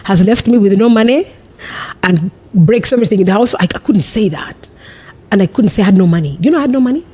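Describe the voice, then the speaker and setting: A woman from Africa, a podcast guest telling a personal story in a lively, animated way and acting out what was said back then. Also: mid-range voice, slightly rough. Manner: animated, quick, acts out her own past lines.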